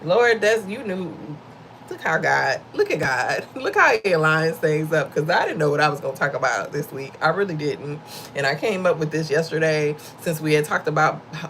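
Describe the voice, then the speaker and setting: A middle-aged woman with a deep, gravelly voice speaks to her livestream viewers about faith and kindness. She talks in a loose, conversational, slightly preachy way, laughing easily and addressing them as y'all. A faint hiss sits under the recording. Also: fairly bright tone, rough recording. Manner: laughs often while talking. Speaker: livestream host giving faith-based encouragement. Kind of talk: casual faith talk to viewers.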